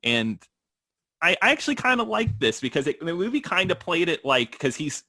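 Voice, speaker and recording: A man co-hosting a film podcast in casual chat, laughing often and talking in an animated way. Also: fairly high pitch, normal speed, no room sound, clean studio sound. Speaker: podcast co-host.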